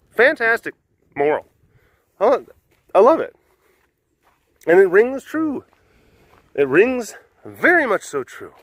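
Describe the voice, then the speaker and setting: A man's voice: high voice, sharp tone, no echo. A man hosting a vlog who retells a fable in a casual, rambling way, with lots of fillers. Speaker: vlog host, animal keeper. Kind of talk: casual storytelling.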